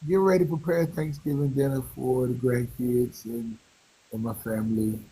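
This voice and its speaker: A man's voice: mid-range voice, fairly even intonation, normal speed, mellow, husky, poor audio. A man with a Southern US accent, a guest musician answering interview questions and hesitating as he searches for words. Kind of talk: casual interview.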